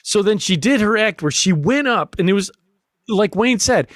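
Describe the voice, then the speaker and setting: High-voiced man telling a rambling story. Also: lively intonation, moderate pace, fairly bright tone, dry recording, studio quality. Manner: rambling, laughs often, self-deprecating. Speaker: podcast host. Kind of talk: casual comedic storytelling.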